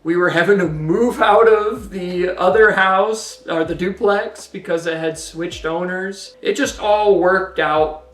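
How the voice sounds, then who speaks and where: A man's voice: high-pitched, unhurried, few pauses, far from the mic. Man telling a story, roomy room. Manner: relaxed storytelling, many "you know" fillers. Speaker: co-host, husband. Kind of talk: casual podcast-style testimony. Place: home.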